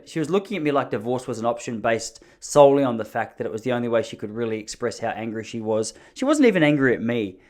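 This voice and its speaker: A man in his thirties tells a long story on his own podcast. He rambles, pokes fun at himself, and keeps breaking off and restarting his sentences. His pitch sits in an ordinary middle range. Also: darkish tone. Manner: rambling, self-deprecating, jokey, with frequent restarts. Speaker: podcast host. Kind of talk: casual solo storytelling.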